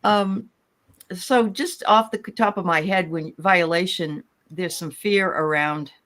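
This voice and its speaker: A woman's voice: lowish voice, a little slow. A woman hosting a live group dream reading, chatting freely and reading out viewers' dreams. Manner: chatty, warm interjections and fillers.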